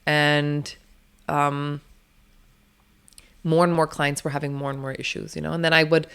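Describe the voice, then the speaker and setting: A woman's voice: low voice, flat delivery, gravelly, fairly bright tone, clear, resonant tone. A woman, a doula and interview guest, telling her stories in a blunt, emphatic way and swearing freely. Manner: rapid, run-on storytelling. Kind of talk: candid storytelling interview.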